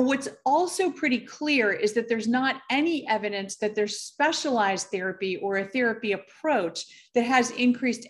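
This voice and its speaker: A middle-aged woman physician giving a conference presentation, speaking in a measured, careful way with frequent fillers and pauses. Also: mid-range voice.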